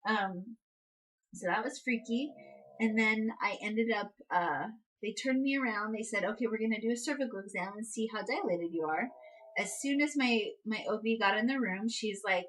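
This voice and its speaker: This young woman, a vlogger and new mother, speaks at a normal pace with a fairly bright tone, though the recording is low quality. She tells a personal story in a loose, chatty way, filling gaps with "um" and "like" and voicing quotes in high bursts.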